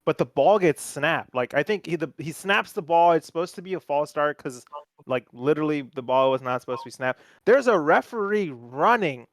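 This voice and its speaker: A young man with a fairly high voice hosts a casual sports podcast. He swears freely and tells the story in an animated way. The sound is dry and close. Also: normal speed, dry recording. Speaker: podcast host.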